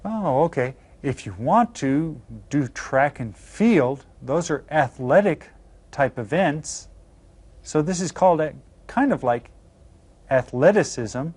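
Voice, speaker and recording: A man with a slightly high voice leads a recorded Spanish lesson for children. He is upbeat, cues the class with counts, and says each Spanish word slowly and carefully. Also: animated, a little mellow, slightly rough. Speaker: Spanish teacher.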